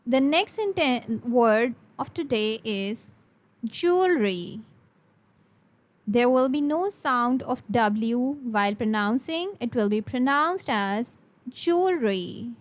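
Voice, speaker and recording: A woman teaches a beginner English lesson in a high voice. She talks slowly and carefully and repeats each word for her students. The recording sounds a little dull and lo-fi. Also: animated. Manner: slow, careful, repeats words for practice.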